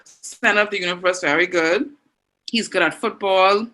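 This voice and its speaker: A woman's voice: fairly low pitch, moderate pace, pushed and bright, soft background music, poor audio. Encouraging Bahamian woman teaching online. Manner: encouraging, reads out student answers. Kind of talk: online class lesson.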